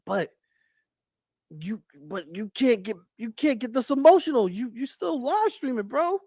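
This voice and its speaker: A man commenting casually on a live panel, animated and profane, often acting out quotes. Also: very high-pitched, a little slow, dry recording. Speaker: panel co-host.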